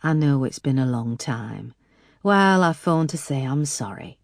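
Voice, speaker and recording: A woman voicing an older Yorkshire father, kind and a bit gruff, speaking gently and consolingly in an audiobook. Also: rumbling low, expressive, measured pace, no room sound, clean studio sound, full character voice. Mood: gentle.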